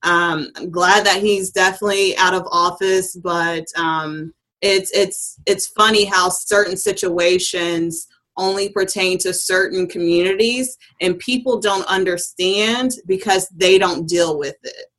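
A woman from Kentucky, speaking earnestly and in a measured way in a casual discussion. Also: fairly low pitch, a bit bright, rough recording. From Kentucky, USA. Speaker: guest. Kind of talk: casual chat.

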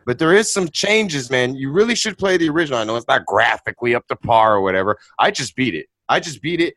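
A man's voice: mid-range voice, expressive, fast, fairly bright tone, no room sound. A man co-hosting a casual talk show, talking emphatically, laughing often and peppering his speech with "man" and "dude". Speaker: podcast co-host. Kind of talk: casual chat.

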